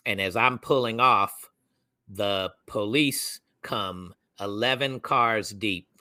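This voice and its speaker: A young man co-hosting a podcast, telling a story in a casual, animated way. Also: lowish voice, takes it slowly, no room sound. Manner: animated, acts out quoted voices. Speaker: podcast co-host.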